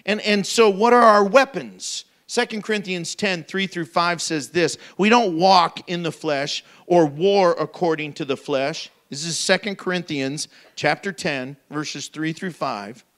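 High-voiced man preaching a sermon. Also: unhurried, few pauses. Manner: animated preaching, acts out voices for humor. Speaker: pastor.

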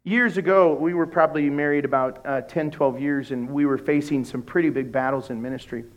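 A middle-aged man preaching a sermon as a pastor, telling humorous stories and acting out conversations in a lowered voice. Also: fairly quick. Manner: animated, humorous storytelling that acts out dialogues in a lowered voice.

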